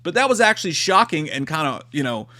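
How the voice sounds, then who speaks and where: Brief: a man doing a loose, foul-mouthed movie review, slightly high voice, jumping into quoted voices. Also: quick pace. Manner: animated, profane, acts out quotes.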